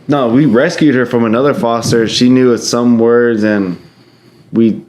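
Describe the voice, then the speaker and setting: A man's voice: mid-range voice, fairly even intonation, a little slow, a little mellow, roomy sound. A young man co-hosting a podcast, telling a story in casual slang and swearing freely. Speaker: podcast co-host. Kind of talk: casual chat.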